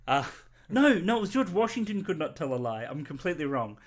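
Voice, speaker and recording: A man's voice: on the high side, big pitch swings, quick pace. A man chatting casually on a livestream, rambling, joking and correcting himself as he goes. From Australia. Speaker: stream co-host.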